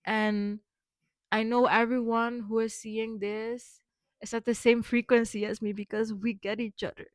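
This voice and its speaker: Young woman vlogger, slightly high voice, loose rambling delivery full of fillers, dry close recording. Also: flat delivery, unhurried, no room sound. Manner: rambling, lots of fillers and restarts, affirming. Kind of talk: rambling personal vlog.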